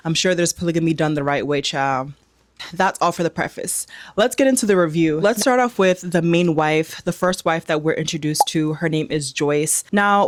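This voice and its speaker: A woman's voice: fairly low pitch, no room sound. Chatty West African woman, dry sound. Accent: South African-tinged. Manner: chatty, emphatic, addresses viewers directly. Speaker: vlogger, show reviewer. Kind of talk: casual direct-to-camera review.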